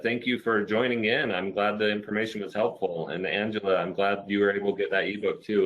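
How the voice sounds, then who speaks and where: A man's voice: on the low side, fairly bright tone, rough recording. A man hosting a physical therapy webinar, encouraging viewers and answering their comments in a casual, upbeat way.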